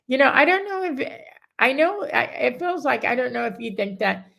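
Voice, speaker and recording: Gravelly-voiced middle-aged woman, rambling. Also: sits high, big pitch swings, measured pace, fairly bright tone. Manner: rambling, self-interrupting, acts out others' words. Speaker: guest. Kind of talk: emotional personal story in a casual chat.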